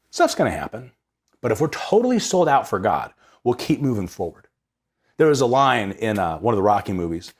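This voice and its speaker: A young man hosting a casual reflection on the Sunday readings. He talks with energy and often repeats words as he gets going. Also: medium pitch. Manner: energetic, conversational, repeats words when excited.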